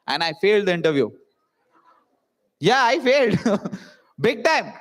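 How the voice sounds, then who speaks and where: A man's voice: sits high, very animated, unhurried. A young man from India telling a self-mocking comic story to a live audience, acting out the people in it. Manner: jokey, self-mocking, acts out voices of people in his story. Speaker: speaker at a student event.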